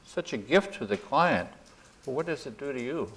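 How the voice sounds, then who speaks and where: An older man addresses a conference audience in a folksy, meandering way, pausing to chuckle at his own asides. His voice sits in an ordinary middle pitch. He slips easily into a gentle guided imagery exercise. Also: lively intonation, low-quality recording. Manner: folksy, wandering, self-deprecating, with chuckles. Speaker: conference speaker. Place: conference room.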